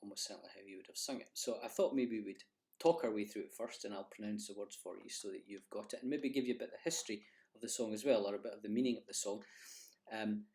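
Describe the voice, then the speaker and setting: A Scottish man with a somewhat low voice teaches in an unhurried way. He pauses often and takes care to explain how each word is pronounced, like a folk singer passing on a song. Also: gravelly, darkish tone. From Scotland. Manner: unhurried, explains pronunciation carefully with many pauses. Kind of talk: relaxed spoken lesson.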